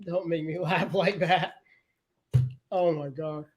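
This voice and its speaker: A man co-hosting a live camping stream, easygoing and quick to chuckle, mostly giving short agreeing replies. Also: on the high side, fairly even intonation. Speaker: co-host of a camping livestream. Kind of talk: casual live chat.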